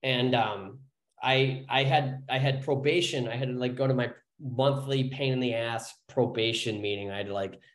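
Animated man telling a recovery story, echoey room. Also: medium pitch, moderate pace. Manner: rambling, restarts often, animated when telling a story. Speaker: podcast guest. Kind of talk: personal storytelling in an interview.

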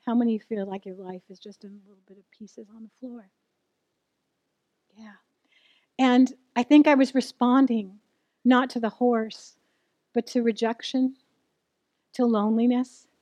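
A woman's voice: a little high, dark tone, no echo, highs cut off. A middle-aged woman preaching a sermon, telling a candid personal story and asking the audience questions. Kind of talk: sermon to a live church audience.

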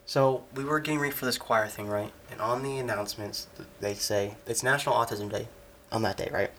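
A man's voice: fairly low pitch, fairly even intonation, brisk, fairly bright tone, slight background noise. A young man in casual chat, opinionated and explaining at length, often dropping to a mutter.

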